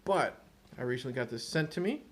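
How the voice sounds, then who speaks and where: A man's voice: mid-range voice, expressive, a little fast. Playful man hosting a chat. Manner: playful, teasing. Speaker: host. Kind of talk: casual chat.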